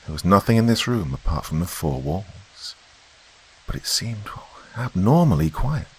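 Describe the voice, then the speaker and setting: A man reading a horror story as a podcast narrator in a slow, brooding way. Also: low-pitched, very animated, husky.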